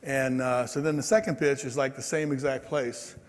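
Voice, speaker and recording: Man in his 60s, keynote speaker, storytelling, acts out voices, mid-pitched, long hall reverb. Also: normal speed. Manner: animated, acts out quoted people. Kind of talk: storytelling speech. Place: large convention hall.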